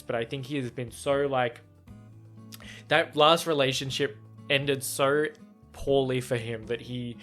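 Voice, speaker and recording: An excitable, chatty man reacting to a book he reads aloud, with a bright, forward voice. His delivery is casual. Faint guitar music plays softly behind him. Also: mid-range voice. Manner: excitable, chatty, laughs often.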